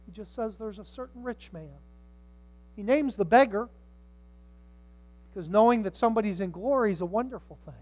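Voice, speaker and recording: An older man preaching a sermon, swinging from hushed tones to shouts and acting out the people in his stories. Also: high voice, moderate pace, long pauses, rough recording. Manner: dramatic, swings from hushed to shouting, acts out voices.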